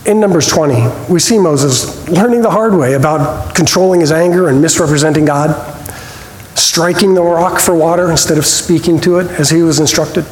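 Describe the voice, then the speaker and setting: A man teaching a church Bible study, conversational with small restarts, reading scripture with expressive emphasis. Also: a little high. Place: church hall. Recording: roomy hall reverb, faint noise.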